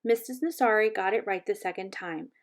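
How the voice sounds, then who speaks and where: Gentle woman reading a children's book. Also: medium pitch, fairly quick. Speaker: reader. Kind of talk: children's book read-aloud.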